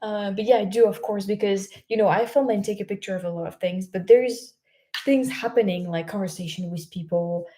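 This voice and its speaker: A woman's voice: mid-range voice, fairly quick, dark tone. A young French woman hosting a casual livestream, reading out viewer comments, chatty and laughing often, with many fillers and restarts. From France.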